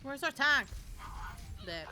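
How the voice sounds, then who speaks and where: A woman's voice: high voice, expressive, slow pace, pushed and bright, a little hiss or hum. A young woman streaming a game, chatting playfully with viewers and slipping into Spanish. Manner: playful, giggly, switches into Spanish. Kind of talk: casual gaming stream chat.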